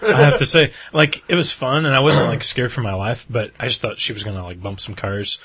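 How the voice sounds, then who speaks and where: A man with a husky voice telling stories in casual chat, acting out quotes and laughing often. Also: mid-range voice, brisk, pushed and bright.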